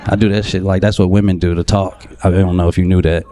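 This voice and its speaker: A man doing a profane, animated stand-up set in a live comedy club, acting out voices in his stories. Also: sits low, fast, noisy background. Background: audience laughter.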